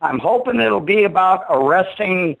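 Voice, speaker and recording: A man's voice: high-pitched, lively intonation, normal speed, gravelly, a bit bright, no room sound, rough recording. A man calling in to a talk show, chummy and joking with the host. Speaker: caller. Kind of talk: casual phone call.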